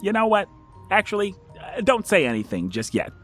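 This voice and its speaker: A man's voice: sits high, huge pitch swings, fairly bright tone, faint music behind, full character voice. A man playing a stammering nervous young suitor. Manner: stammering, halting, laughing nervously. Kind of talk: audio drama acting.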